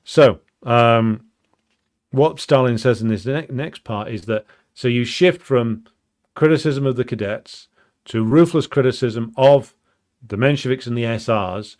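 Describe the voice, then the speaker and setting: A man's voice: medium pitch, a little slow, a little mellow. A man giving an unscripted, explanatory talk on political history, thinking aloud with frequent ums and restarts and a blunt, emphatic edge. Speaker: political commentator.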